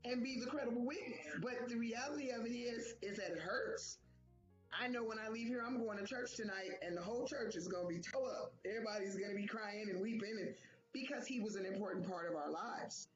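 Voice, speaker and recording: This co-host talks about grief in a casual, animated way, acting out the voices she quotes. Her voice is on the high side and a little fast. The recording is dull and echoey, with faint music.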